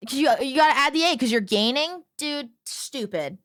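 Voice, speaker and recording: A young woman chats on a livestream, her voice sitting a little high. She exclaims, swears and mock-rants playfully at her chat. The sound is close and dry, with no room in it. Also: lively intonation, normal speed, a bit bright, no echo. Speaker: streamer. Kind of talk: casual livestream chat, reacting to chat.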